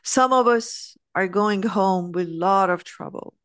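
A woman leads a spiritual class in an animated, emphatic way, acting out little scenes as she explains. Her pitch jumps around as she stresses points. The sound is close and dry. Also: measured pace, clear, resonant tone, dry recording. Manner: animated, emphatic, acts out examples. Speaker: spiritual teacher. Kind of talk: teaching a class.

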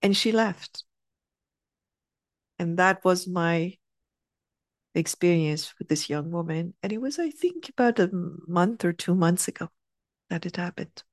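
Animated middle-aged woman telling a story. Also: fairly low pitch, a little slow, long pauses, no room sound, clean studio sound. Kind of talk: casual anecdote.

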